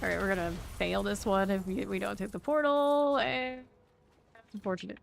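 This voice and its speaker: In a mid-range voice with a steady tone and some vocal fry, a woman speaks at normal speed with a mild Southern American accent. She's from the Southern United States and streams a game, giving casual gameplay commentary as she chats with viewers, teasing and laughing often.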